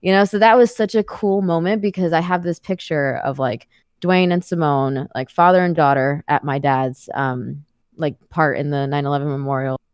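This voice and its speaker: A woman's voice: sits low, moderate pace, smooth, no room sound, studio quality. A woman in her thirties, a guest on an interview podcast, telling stories in a chatty way full of "like" fillers. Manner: chatty, many "like" fillers, animated retelling. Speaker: guest, professional wrestler. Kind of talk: casual storytelling interview.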